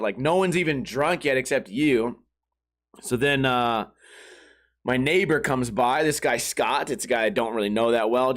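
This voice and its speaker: A man hosting his own show, chatting casually and swearing freely as he rambles through a story. His voice has a middle pitch for a man, and he breaks into other people's voices as he tells it. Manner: profane, rambling, acts out quoted voices. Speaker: podcast host.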